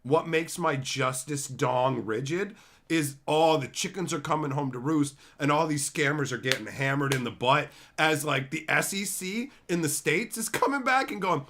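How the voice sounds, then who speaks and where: A man's voice: fairly high pitch, moderate pace, fairly bright tone. A man hosting a live stream, ranting casually and sarcastically with plenty of profanity while reading out chat messages. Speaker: livestream host reading chat.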